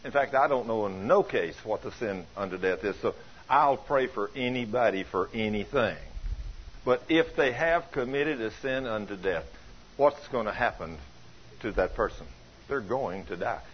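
An older man preaching a folksy sermon, telling stories with chuckles and plain colloquial grammar, with a husky voice. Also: lowish voice, lively intonation, normal speed. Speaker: pastor. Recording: dull lo-fi sound.

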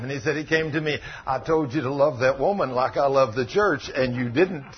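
A man preaching, telling a story and acting out the quotes with big jumps in loudness, in dull lo-fi broadcast audio. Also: a little high, fairly quick, few pauses, husky. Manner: animated, acts out quotes with big swings in loudness. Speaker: pastor. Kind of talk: sermon storytelling.

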